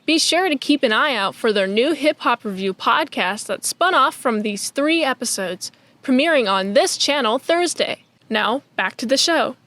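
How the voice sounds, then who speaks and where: A woman reading a brisk, scripted podcast intro. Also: high voice, lively intonation, a bit bright. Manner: brisk, promotional. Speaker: podcast host. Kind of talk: scripted announcement.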